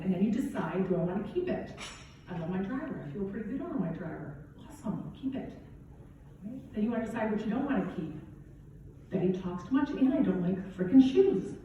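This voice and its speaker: A woman's voice: medium pitch, background noise. A middle-aged woman golf coach giving a casual, conversational motivational keynote speech, often asking "right?". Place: event hall at a golf championship. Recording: very echoey hall, distant dull mic.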